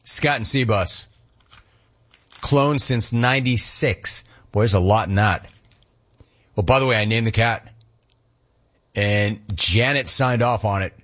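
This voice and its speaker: Husky-voiced sports radio host man. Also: on the low side, measured pace, long pauses, dull audio. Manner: animated storyteller, acts out dialogue. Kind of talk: casual listener Q&A.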